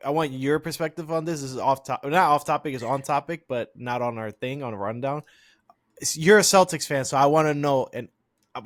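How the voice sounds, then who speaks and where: A man's voice: a little high, no room sound, clean studio sound. A man hosting a podcast in casual sports chat, arguing his opinions while searching for the right words. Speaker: podcast host.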